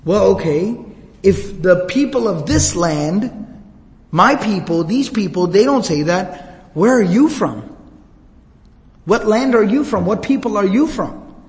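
A man giving an animated religious lecture, retelling a story and explaining phrases by repeating and rephrasing them. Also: high voice, measured pace, long pauses. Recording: long hall reverb.

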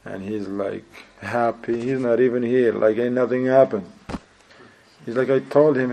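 Gravelly man preaching. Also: mid-range voice, unhurried, poor audio. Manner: animated storyteller, acts out quotes, sprinkles Arabic phrases. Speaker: Islamic preacher. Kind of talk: informal sermon storytelling.

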